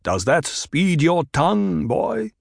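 A man doing a stern desert chieftain, slow and grave. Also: fairly high pitch, very animated, creaky, breathy edge, no echo, studio quality, voice pushed up, full character voice. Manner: measured, slow, authoritative. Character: stern commanding desert tribal leader, tall man. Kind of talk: audiobook character voice.

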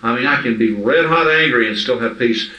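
A man's voice: medium pitch, fairly quick, bright, forceful tone, highs cut off. Emphatic man teaching in an echoey room. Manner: conversational, emphatic, checks understanding. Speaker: Bible teacher. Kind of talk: informal teaching to a small group. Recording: echoey room, mic from afar.

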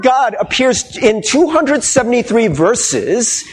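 A man preaching a sermon as pastor, playful and animated, asking the congregation many questions. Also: sits high, normal speed, noisy background.

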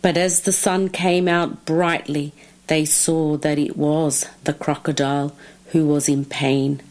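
A woman reading a children's story aloud with slow, expressive, drawn-out phrasing. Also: low voice.

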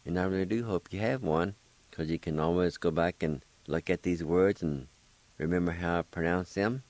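A man's voice: deep voice, normal speed, a little mellow, dry recording, poor audio. A man hosting a radio language lesson. He patiently spells words out letter by letter, repeats each one, and encourages his listeners. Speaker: language teacher and radio host.

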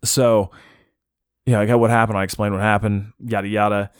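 A young man with a fairly low voice tells a story in a casual podcast chat. He is animated and self-mocking, slipping into the voices of the people he quotes. The sound is dry and close. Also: a little fast, smooth, no room sound. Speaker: podcast co-host telling a story.

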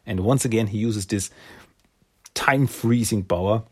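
Husky man casually recapping a comic. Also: lowish voice, moderate pace. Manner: rambling with fillers, slips into character voices. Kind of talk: casual comic book retelling.

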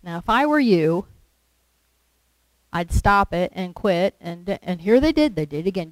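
A woman's voice: mid-range voice, animated, normal speed, no echo, low-quality recording. Woman giving a conversational sermon. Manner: conversational, with rhetorical questions and acted quotes. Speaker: lay preacher.

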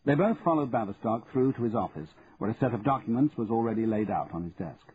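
Male narrator, measured audiobook reading, tinny narrow audio. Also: mid-range voice, lively intonation. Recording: tinny narrow band, faint hiss.

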